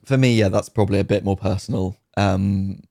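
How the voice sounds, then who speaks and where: A man's voice: low-pitched, fairly even intonation, fairly quick, dark tone, no echo, clean studio sound. A man co-hosting a casual podcast chat, talking in a rambling, enthusiastic way about games with frequent ums. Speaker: podcast co-host.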